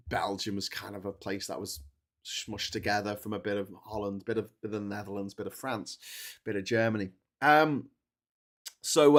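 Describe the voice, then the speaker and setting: Chatty man rambling through a history talk. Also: lowish voice. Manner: rambling, chatty, lots of fillers and restarts; lively country-by-country list with a rising voice. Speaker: livestream host. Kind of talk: casual history talk on a livestream.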